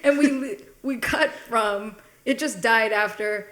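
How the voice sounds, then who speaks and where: A woman's voice: fairly high pitch, slow. Laughing, self-mocking woman podcast host. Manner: self-deprecating, laughs often, animated storytelling. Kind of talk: casual comedic chat.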